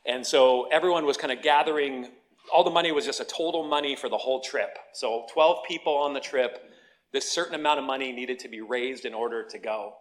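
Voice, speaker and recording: A man's voice: mid-range voice, brisk. Man, pastor, sermon, storytelling, conversational, self-deprecating, middle-aged.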